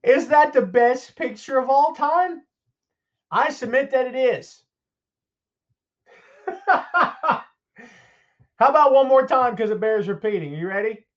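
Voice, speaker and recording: A man's voice: very high voice, normal speed, highs cut off. A man hosting a live podcast stream, greeting viewers by name in an upbeat, folksy, chatty way. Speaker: podcast host.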